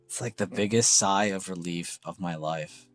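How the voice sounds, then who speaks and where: Low-voiced excitable young man streaming. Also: normal speed. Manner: excitable, swears freely, gushing praise. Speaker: trading stream host. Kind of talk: casual live-stream chart review. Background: faint background music.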